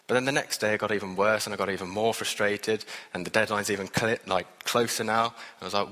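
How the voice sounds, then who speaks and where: A man's voice: fairly low pitch, fast, few pauses, sharp tone. Earnest man preaching in an echoing hall. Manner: earnest, conversational, with self-deprecating asides. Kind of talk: sermon. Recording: reverberant hall.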